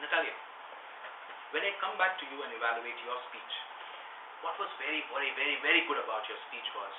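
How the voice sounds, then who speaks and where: A man in his thirties teaching public speaking in a workshop, animated and coaxing, now and then raising his voice loud for stress. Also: medium pitch, fast talker. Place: meeting room. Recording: echoey room from far off, phone-like, noisy.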